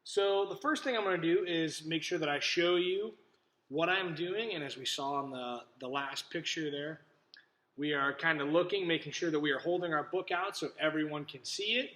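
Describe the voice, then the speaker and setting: A male teacher giving a video lesson to young children, speaking in a clear, friendly voice straight to the camera. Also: on the high side, moderate pace, a bit bright, rough recording. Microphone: camera in front of him.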